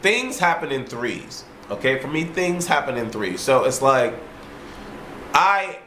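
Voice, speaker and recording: Swearing, animated male vlogger in an echoey room. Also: medium pitch, a little slow, slight background noise. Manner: animated storyteller who swears freely and repeats himself. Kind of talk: casual ranting monologue. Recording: roomy echo.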